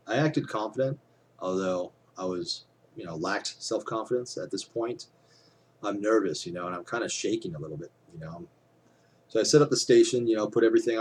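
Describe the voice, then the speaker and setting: A man's voice: low voice, a little hiss or hum. A man talking casually to his camera, rambling with lots of fillers and casual swearing. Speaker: vlogger.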